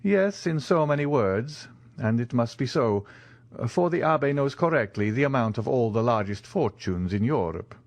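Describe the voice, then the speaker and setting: A suave, commanding count, as a male narrator reads him, courteous and knowing, measured in his phrasing. The voice moves with lively intonation and sits dry and close in a storybook reading. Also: mid-range voice, no echo, lightly acted.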